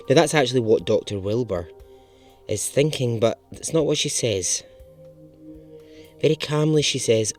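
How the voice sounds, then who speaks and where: A man's voice: mid-range voice, animated, normal speed, pauses often, soft background music. A man hosting a podcast, telling a true story in a chatty, casual way and swearing now and then for emphasis.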